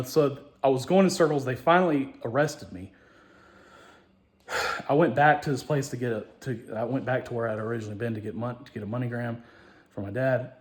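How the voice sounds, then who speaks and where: A man telling a long personal story in a rambling, profane way, restarting and repeating himself, dropping to mutters and rising to loud outbursts. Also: mid-range voice. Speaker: show host.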